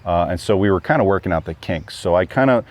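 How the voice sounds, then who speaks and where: A man's voice: low-pitched, expressive, fast talker. A man being interviewed about a trip, talking casually and rambling with lots of fillers and restarts. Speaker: guest hiker. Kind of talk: casual chat.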